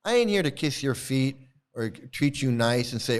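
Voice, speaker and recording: A middle-aged man hosts his own YouTube channel in a mid-range voice with big pitch swings, speaking a little slowly. On a live stream, he rants angrily and swears at commenters in a confrontational, profane way.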